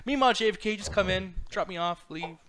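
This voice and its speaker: A man's voice: high voice, fast talker, fairly bright tone, slight background noise. A man co-hosting a casual chat, swearing freely and talking loosely.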